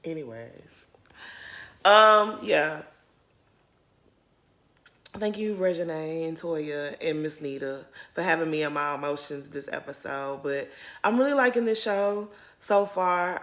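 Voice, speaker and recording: Her fairly low, fairly bright voice carries a casual recap of a reality show episode, delivered to camera as YouTube commentary. She talks to "y'all" in a chatty, candid, emotionally open way.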